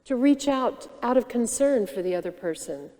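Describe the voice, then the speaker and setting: A woman minister giving a sermon, teaching gently and reflectively and posing questions to the congregation. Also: a little high, lively intonation, normal speed, long reverb tail. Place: church sanctuary.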